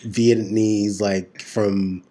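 A man's voice: fairly low pitch, flat delivery, extremely slow, a crowd in the background. A man co-hosting a casual podcast, rambling playfully and correcting himself often. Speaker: podcast co-host. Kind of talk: casual chat.

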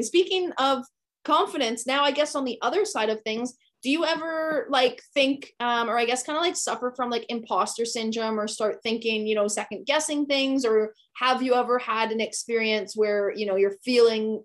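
A woman's voice: on the high side, normal speed, fairly bright tone. Chatty young woman hosting an interview. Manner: chatty, peppers speech with "like". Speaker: podcast host and interviewer. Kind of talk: casual conversational interview.

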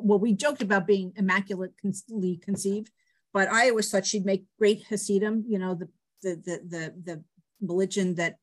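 A middle-aged woman telling personal stories on a video call, animated and laughing often. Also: medium pitch. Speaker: guest speaker. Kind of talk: personal storytelling.

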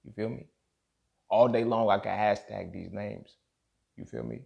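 Low, gravelly man venting hard. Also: steady tone, a little slow, lo-fi sound. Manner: emphatic, profane, keeps asking "you feel me". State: angry and emotional. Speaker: podcast host. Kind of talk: impassioned solo monologue.

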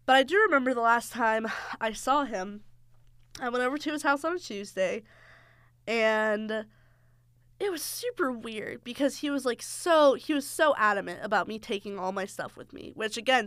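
A woman's voice: fairly high pitch, lively intonation, normal speed, fairly bright tone, smooth, no room sound, clean studio sound. A young adult woman hosting a podcast, telling a personal story in a frank, sarcastic way and swearing freely. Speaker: podcast host. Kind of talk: candid storytelling monologue.

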